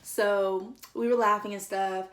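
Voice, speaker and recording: Young woman vlogging a story time, talks fast and loose, says like a lot, acts out everyone. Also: mid-range voice. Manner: chatty, lots of "like", slangy; animated, acts out others' lines. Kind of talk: casual storytelling.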